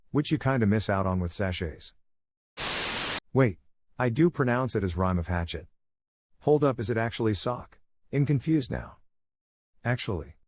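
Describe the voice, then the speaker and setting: A man's voice: on the low side, darkish tone, breathy edge. A man narrating forum posts aloud, reading them plainly and lifting his voice playfully on quoted words.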